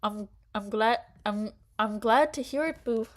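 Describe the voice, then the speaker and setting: A woman's voice: a little high, measured pace, natural voice. Woman reading a laid-back young male mechanic, friendly and matter-of-fact. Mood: fond.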